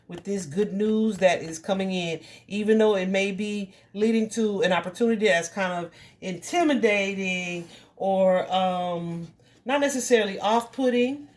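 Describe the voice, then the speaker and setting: Woman doing a tarot reading, chatty, reassuring, lots of um and like. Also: medium pitch. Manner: chatty, reassuring, many fillers and restarts. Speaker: tarot reader. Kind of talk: casual tarot reading to viewers.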